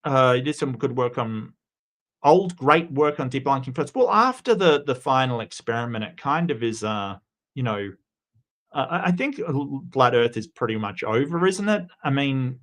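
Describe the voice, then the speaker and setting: A man's voice: medium pitch, expressive, moderate pace, a bit bright. An Australian man hosting a casual livestream, chatting loosely with many restarts and greeting viewers by name. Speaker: livestream host.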